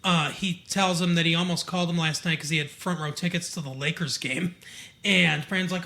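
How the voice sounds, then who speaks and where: Bright-voiced chatty man from Michigan. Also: a little high, fairly even intonation, fairly quick. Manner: chatty, digressive, many fillers. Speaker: podcast co-host. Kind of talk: casual chat recapping a TV episode.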